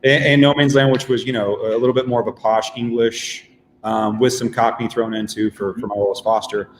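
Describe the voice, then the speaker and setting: A man, a stage actor, chatting easygoing and self-deprecating, halting with fillers. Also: medium pitch, fairly even intonation. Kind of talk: casual interview chat. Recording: echoey hall with faint noise.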